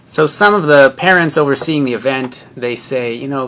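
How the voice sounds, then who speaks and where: An earnest young man, a rabbinical student, tells a personal story in a measured, reflective way. His voice is bright and clear, sitting at an ordinary pitch for a man. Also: slight background noise.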